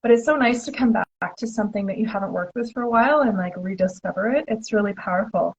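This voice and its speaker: A woman's voice: mid-range voice, fast, husky, rough recording. A woman hosting a casual interview chat, talking with eager enthusiasm and lots of filler words. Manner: enthusiastic, chatty, many "like" fillers. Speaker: host.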